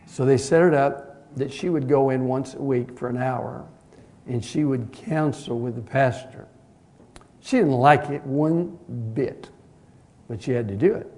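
A man preaching a sermon, earnest and direct, swinging between loud and quiet as he tells a story. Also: medium pitch, lively intonation, measured pace.

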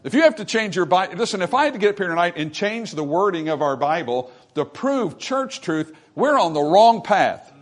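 A man's voice: high voice, very animated, fairly quick. A man preaching a sermon from the pulpit, emphatic and repetitive, calling out "amen" to the congregation. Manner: repeats phrases for emphasis. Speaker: pastor.

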